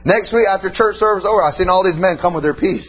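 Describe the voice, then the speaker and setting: A male pastor preaching a sermon in a folksy storytelling manner, punctuating it with amens and building to shouts. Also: sits high, fast talker, lo-fi sound, heavy background noise.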